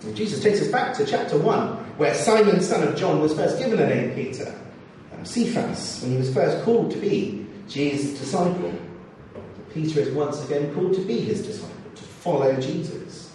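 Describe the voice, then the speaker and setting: Male preacher, lively, expressive sermon delivery, roomy echo, mic at a distance. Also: fairly high pitch, moderate pace, a little hiss or hum. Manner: expressive, acts out scripture quotes. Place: church or hall. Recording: echoey hall, distant mic, faint ambience.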